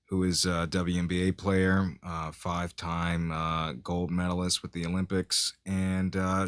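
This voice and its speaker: A man chatting casually as a guest on a live stream, relaxed and hesitant, with lots of fillers. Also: sits low, no echo, studio quality. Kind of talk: casual chat.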